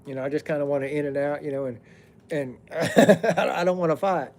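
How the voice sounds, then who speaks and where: A middle-aged man with a fairly high voice spins a rambling, casual story outdoors by a fire. He drifts off track to say hello to viewers and then picks the thread back up. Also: a little fast, darkish tone. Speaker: plumber telling stories on a live stream.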